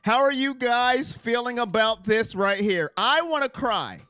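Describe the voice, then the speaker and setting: A man's voice: extremely high pitch, lively intonation, measured pace, pushed and bright, clean tone, no echo. A man hosting a casual sports livestream, talking in an emotional, rambling way and thanking donors by name. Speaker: sports channel host.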